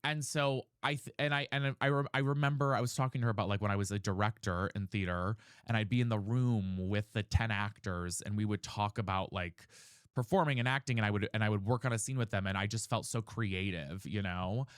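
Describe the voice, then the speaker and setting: A man speaks candidly to a livestream audience in a smooth, clear voice. The sound is close and dry, with no room around it. He talks in an earnest, searching way, often stopping and restarting his thoughts. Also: fairly low pitch, fairly quick, no room sound. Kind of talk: candid casual chat on a livestream.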